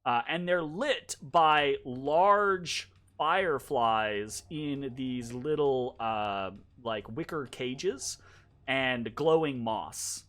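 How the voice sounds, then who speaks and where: A man narrating as game master, halting and full of fillers as he describes the scene. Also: mid-range voice, fairly bright tone.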